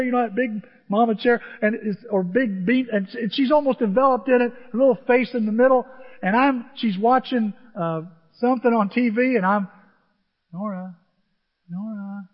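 An older man preaching a sermon, telling animated stories and acting out voices as he goes. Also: very high voice, fairly quick, big-room sound, highs cut off. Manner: animated storytelling, mimics voices. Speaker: pastor.

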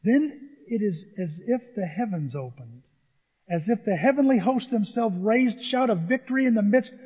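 A man preaching a sermon as pastor, swinging between loud declarations and quiet asides. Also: high voice. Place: church sanctuary. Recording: dull echoey sanctuary sound.

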